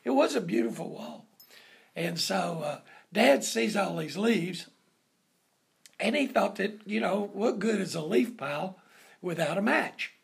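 A man telling a family story in a casual, unhurried way, rambling with many fillers. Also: sits high, expressive, gravelly, husky.

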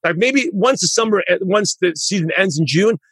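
A man's voice: high voice, lively intonation, moderate pace, a bit bright, slightly rough, dry recording. A man hosting a podcast in casual interview chat, rambling and correcting himself as he talks. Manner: rambling, self-correcting, proud father. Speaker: podcast host.

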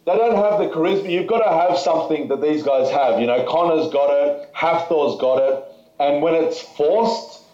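A man's voice: fairly high pitch, normal speed, warm tone. Man, podcast guest, rambling casual talk, fillers and restarts, echoey room. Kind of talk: casual conversation. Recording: echoey, slightly dull audio.

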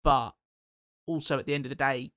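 A man with a mid-pitched voice co-hosts a relaxed discussion, thinking aloud as he goes and restarting his sentences. His voice is recorded dry and close. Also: fairly quick, no echo. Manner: rambling, many fillers and restarts. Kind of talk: casual film discussion.

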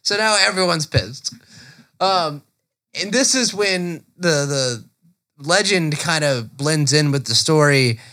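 A man's voice: fairly high pitch, slow pace. A man co-hosting a podcast, telling a story in casual, profane chat and laughing often. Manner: animated, profane, laughs often, slips into silly voices. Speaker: podcast co-host.

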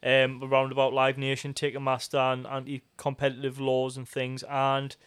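A man's voice: medium pitch, completely flat delivery, normal speed, fairly bright tone, smooth, dry recording. A man with a Geordie accent co-hosting a podcast, chatting casually with joking, sweary, rambling banter. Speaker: podcast co-host. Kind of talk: casual chat.

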